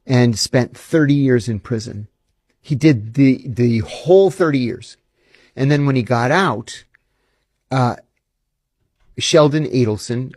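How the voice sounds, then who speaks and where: A man's voice: mid-range voice, darkish tone, no room sound, studio quality. A man, a former intelligence officer, giving emphatic, indignant answers in an interview. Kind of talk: interview storytelling.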